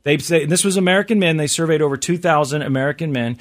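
Chatty male radio host, slightly high voice. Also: fast talker. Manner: chatty, reads survey figures aloud. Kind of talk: casual radio banter.

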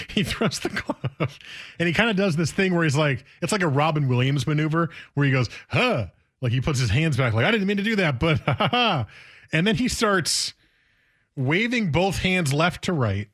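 A man in his thirties co-hosting a sports radio show, telling stories with laughs and acted-out quotes. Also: a little high. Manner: animated storytelling, acts out quotes with laughs. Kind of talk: casual sports radio banter.

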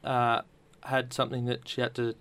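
A man hosting a podcast interview, asking gentle, hesitant questions with many fillers. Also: mid-range voice, completely flat delivery, normal speed, smooth, no echo. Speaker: podcast host.

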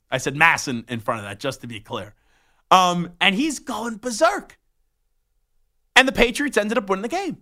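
Bright-voiced man hosting sports radio. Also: sits high. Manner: animated storytelling with rambling restarts. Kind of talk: sports talk radio monologue. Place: radio studio.

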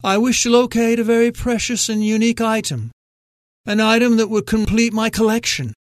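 A man's voice: sits high, moderate pace, dry recording, clean studio sound, pitched above the performer's own voice, lightly acted. A man voicing an old British collector, slightly slurred, formal and pleading, in a story reading. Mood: measured. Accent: British upper-class.

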